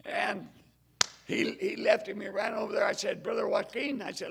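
High, gravelly older preacher man. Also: steady tone, moderate pace. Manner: fervent, shifts between loud exclamation and hushed asides. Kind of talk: storytelling sermon.

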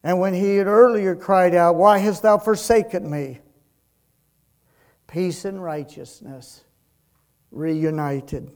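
Slow, high-voiced preaching man. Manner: slow, emphatic preaching that swells and drops in loudness. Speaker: pastor. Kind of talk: sermon.

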